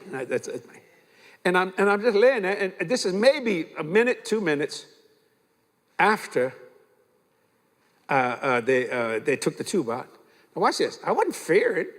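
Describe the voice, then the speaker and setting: An older man preaching a sermon, telling stories in a folksy, animated way and acting out the dialogue. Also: a little high. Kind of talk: sermon with storytelling. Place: large church. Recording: reverberant church hall.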